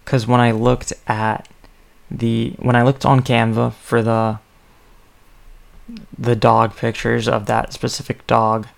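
Male podcast host, drowsy, flat and unhurried, thinks aloud with fillers. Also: medium pitch, gravelly. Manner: rambling, thinking aloud with many ums. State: sleepy, yawning. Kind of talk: casual solo podcast talk.

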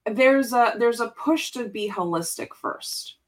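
A woman's voice: on the high side, expressive, unhurried, low-quality recording. A woman guest in a casual podcast interview, telling a personal story earnestly with frequent restarts and repeated words.

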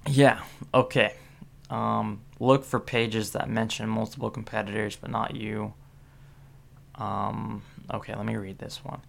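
A man's voice: on the low side, little pitch movement, measured pace, a bit bright. A sleepy young man reading aloud and commenting casually, skimming with many ums and asides. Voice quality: gravelly fry. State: sleepy, yawning. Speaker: solo vlogger reading about link building.

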